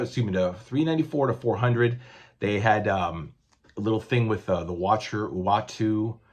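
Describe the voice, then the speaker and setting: A man in his forties chatting casually as a comic book collector on his vlog, rambling and correcting himself with many fillers. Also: fairly low pitch.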